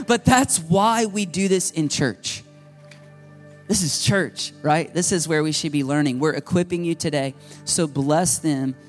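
A man in his thirties preaching a sermon, telling a family story with lively, animated delivery and high jumps in his voice when quoting. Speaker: pastor.

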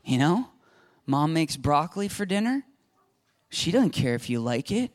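A man's voice: fairly high pitch, very animated, unhurried. A middle-aged man preaching a sermon as pastor, acting out Bible dialogue with rising intensity.

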